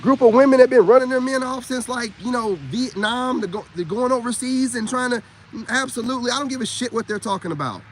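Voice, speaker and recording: A vlogger, an adult parent, delivers a blunt, profane lecture as a casual ranting monologue straight to camera. His voice is very high and brisk, with slight background noise.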